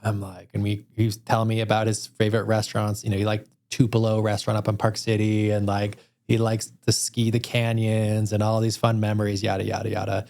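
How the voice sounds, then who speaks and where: Gravelly-voiced storytelling podcast host. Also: male voice, lowish voice, a little fast, few pauses. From Utah. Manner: animated storyteller. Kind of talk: casual interview chat. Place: podcast studio room.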